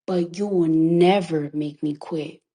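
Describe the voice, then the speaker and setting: A woman with a deep, mellow voice speaks slowly and steadily while in tears. The recording artist's emotional phone livestream monologue is emphatic and defiant, laced with swearing and repeated lines meant to drive her message home.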